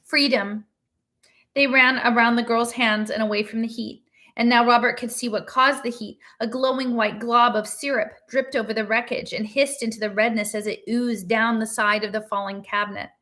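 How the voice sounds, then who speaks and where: A woman reading a novel aloud in a steady, measured narration. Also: fairly high pitch. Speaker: reader.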